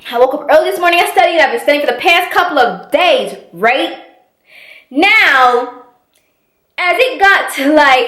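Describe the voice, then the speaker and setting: Dramatic, high-voiced young woman vlogger. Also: pushed and bright, roomy sound. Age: young adult. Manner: dramatic, fast storytelling with laughs. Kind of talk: casual vlog chat.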